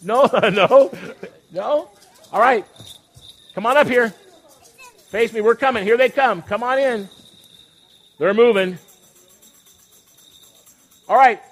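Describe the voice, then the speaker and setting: A man's voice: very high-pitched, slow pace, long pauses, fairly bright tone. A man leading a children's Christmas program on a church stage, upbeat and coaxing, teasing the kids as he goes. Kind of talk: lively emcee talk to children on a stage.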